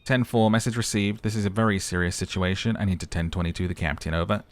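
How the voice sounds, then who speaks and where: A man's voice: low voice, fairly even intonation, fast. A man doing a polite by-the-book radio dispatcher. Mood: formal. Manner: formal radio procedure talk.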